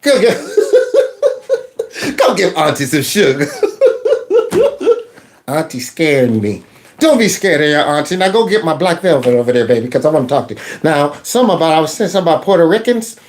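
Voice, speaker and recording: A man's voice: on the high side, wildly swooping pitch, normal speed, pauses often, pitched below the performer's own voice. A man voicing a tipsy middle-aged auntie who rambles and slurs, calling the listener honey and baby. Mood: tipsy doting. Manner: slurring, doting, rambling. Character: tipsy loud middle-aged aunt, woman.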